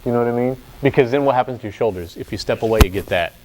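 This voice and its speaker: A man's voice: medium pitch, very fast. A man leads an opera workshop rehearsal, coaching his singers in a chatty, joking way that wanders into anecdotes. His voice sits in an ordinary middle register. A faint hiss runs underneath. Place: rehearsal room.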